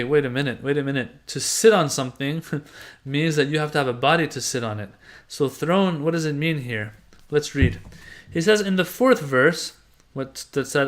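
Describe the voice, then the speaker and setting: A man's voice: mid-range voice, fairly bright tone. A man teaching religious doctrine, reading passages aloud and explaining them in a conversational way with everyday examples. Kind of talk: explaining a doctrine text to a class.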